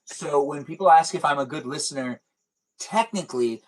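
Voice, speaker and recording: His voice on the high side and his speed normal, a young man hosts a casual livestream with a rough recording. He answers viewer comments in a chatty, joking, self-deprecating ramble.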